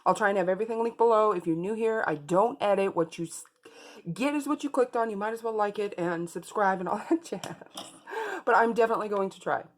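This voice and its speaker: A woman beauty vlogger walks viewers through a makeup tutorial, chatting casually and speaking straight to them. She talks fast at a medium pitch.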